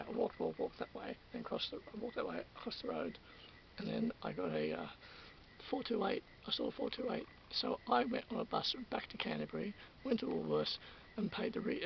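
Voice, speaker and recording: A man's voice: on the high side, creaky, dull audio, slight background noise. A man with an Australian accent rambling through an everyday story in a casual monologue, repeating and restarting, getting indignant. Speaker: channel host.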